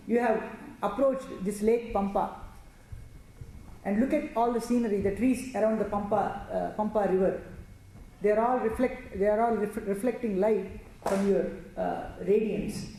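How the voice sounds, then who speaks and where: A woman's voice: medium pitch, warm tone. A woman telling a devotional scripture story, chanting verses and explaining them line by line with many restarts. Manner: recites Sanskrit verses then explains them, with frequent restarts. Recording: very echoey room with faint noise.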